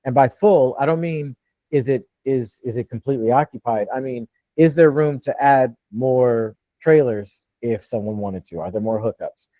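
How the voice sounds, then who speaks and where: A man's voice: medium pitch, normal speed, dry recording, highs cut off. A man hosting a live Q&A call and coaching real estate wholesalers, blunt and casual, swearing freely.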